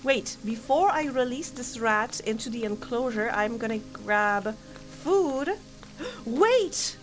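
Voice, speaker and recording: Streaming a game, a woman offers casual commentary, chatting, musing aloud, and giggling frequently. Her voice sits on the high side and keeps a measured pace, and the game music beneath is clear.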